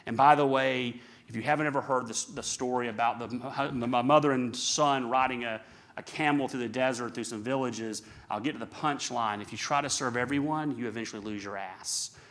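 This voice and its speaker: A middle-aged man speaking at a seminar, brisk and emphatic, firing off rhetorical questions to the audience. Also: medium pitch, fairly bright tone. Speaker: conference speaker. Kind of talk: live seminar talk.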